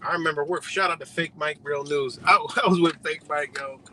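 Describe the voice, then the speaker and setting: A man hosting a live stream, telling a story in a loose, profane, animated way and laughing often. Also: on the high side, a little fast, slight background noise, rough recording. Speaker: livestream host.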